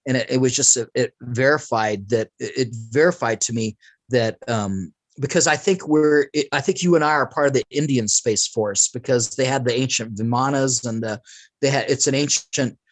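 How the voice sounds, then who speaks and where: A man talking as a guest, telling a long story in a rambling, animated way and jumping between tangents. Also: medium pitch, normal speed, dry recording, poor audio. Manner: rambling, animated, acts out quoted speech. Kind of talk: casual storytelling in conversation.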